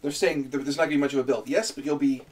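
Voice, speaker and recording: A man's voice: medium pitch, fairly even intonation, rapid-fire, far from the mic. A man from Canada, chatting casually on a live stream in a rambling, self-mocking way while he builds a character.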